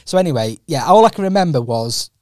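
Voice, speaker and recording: A man's voice: on the high side, animated, fast, a little mellow, dry recording, clean studio sound. Rambling Welsh man telling stories. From Wales. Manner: rambling storyteller, laughs often. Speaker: podcast co-host. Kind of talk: casual chat.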